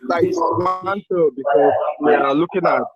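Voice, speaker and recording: A male student answering his teacher in class. He is polite, calls the teacher "sir", and explains himself haltingly, restarting his sentences. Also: a little high, dull audio.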